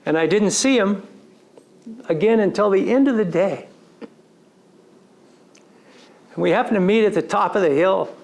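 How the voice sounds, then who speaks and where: A man giving a storytelling lecture to an audience, recounting a personal story in an animated way and slipping into quoted dialogue. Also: high voice, measured pace, creaky, long pauses. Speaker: story coach.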